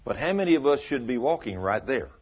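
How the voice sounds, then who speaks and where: A man preaching a sermon, telling stories in a folksy, animated way and rising to loud emphatic peaks. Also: medium pitch, quick pace, breathy edge. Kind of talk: sermon with storytelling. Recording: dull lo-fi recording.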